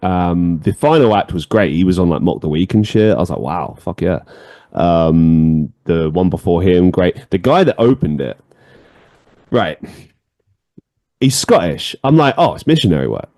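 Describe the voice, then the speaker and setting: A man's voice: low-pitched, a little slow, dry recording, studio quality. A man hosting a podcast, telling stories in casual chat with plenty of swearing and laughter. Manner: animated storyteller, swears freely, laughs often. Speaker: podcast host.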